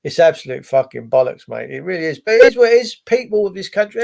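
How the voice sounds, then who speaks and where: A man ranting on a live stream, his voice sitting high and full of gravel. He swears freely and drifts between sarcastic asides and answers to viewers. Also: big pitch swings, fast talker, hardly any pauses, darkish tone. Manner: profane, sarcastic, wandering. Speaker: live-stream host reading chat. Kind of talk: casual ranting commentary.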